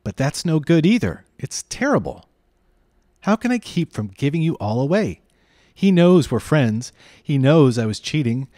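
A man's voice: on the high side, very animated, moderate pace, mellow, no echo, clean studio sound, voice pushed up. A man reading aloud, voicing an anxious, frightened young boy who pleads and frets. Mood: fearful. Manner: trembling, pleading, fretful.

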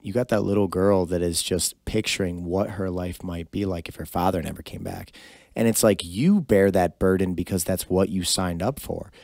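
A man's voice: low-pitched, normal speed, darkish tone, no room sound, clean studio sound. A male podcast host reflecting in a thoughtful, empathetic way on his guest's story. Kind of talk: reflective commentary.

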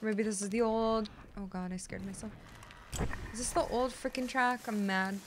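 A woman streaming a game, talking casually to herself and her viewers, often muttering under her breath and bursting into loud, excited squeals. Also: mid-range voice, moderate pace, slight background noise. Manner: chats back to viewers, teasing and argumentative. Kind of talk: casual live gameplay commentary.

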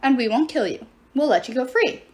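A woman's voice: high-pitched, animated, brisk, a little mellow. A woman voicing a wisecracking teenage boy demigod in a storybook reading, joking and bargaining. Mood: scheming.

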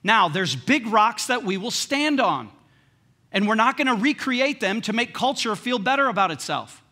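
An American pastor preaches a sermon in a church sanctuary, his voice high for a man, bright and ringing, with a sing-song lilt at a moderate pace. He's loose, joking and conversational, dropping to hushed lines before pressing points forcefully, like a preacher addressing his congregation from the front.

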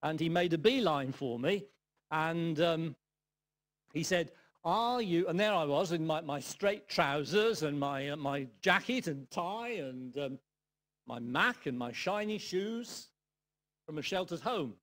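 An older man from England giving a sermon, telling a personal story in a reflective way with dry humour and soft asides. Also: a little high, animated, measured pace. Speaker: guest preacher.

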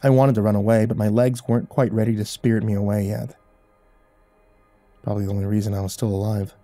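A man narrating a horror story in first person, with measured, dramatic storytelling. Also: on the low side, level tone, mellow, no echo, faint music behind.

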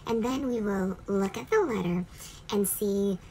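A woman teaching a children's phonics lesson, cheerful, drawing out each letter sound slowly for young learners. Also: medium pitch, warm tone, slight background noise. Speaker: reading teacher.

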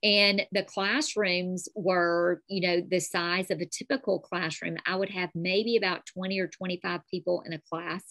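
A woman with a strong North Alabama accent, a calligraphy teacher chatting as a podcast guest, telling stories in an animated way. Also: on the low side, moderate pace, hardly any pauses, no room sound. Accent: North Alabama Southern. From North Alabama, USA. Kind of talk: casual interview chat.

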